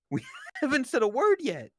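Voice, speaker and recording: A woman's voice: high-pitched, huge pitch swings, a little slow, noisy background. A woman streamer hosting a casual live chat, teasing her guest in playful banter. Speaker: streamer host.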